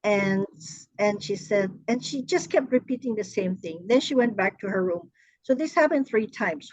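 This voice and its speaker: A woman's voice: mid-range voice, animated, normal speed, no echo, highs cut off. Earnest woman telling a personal story. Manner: earnest, hesitant, with restarts. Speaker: workshop participant.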